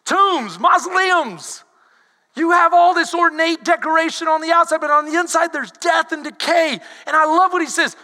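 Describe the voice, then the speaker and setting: A man, preaching a sermon as pastor, animated and shouting out the scripture he quotes. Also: very high-pitched. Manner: animated, switches to shouting when quoting. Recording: long hall reverb.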